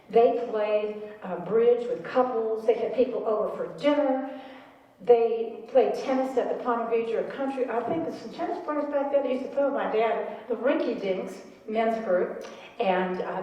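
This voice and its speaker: A middle-aged woman giving an animated storytelling talk to a live audience, prompting them to repeat after her. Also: medium pitch, muffled recording. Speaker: speaker on caregiving. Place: large room with an audience. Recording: echoey hall recorded from far off.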